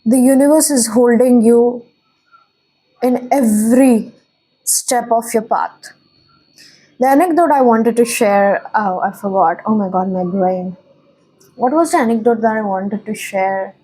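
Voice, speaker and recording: A woman's voice: fairly high pitch, measured pace, dark tone, slightly rough, poor audio. A young woman from India, a tarot reader, talking earnestly and emotionally to her viewers, rambling and correcting herself as she goes. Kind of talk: spiritual channel talk to viewers.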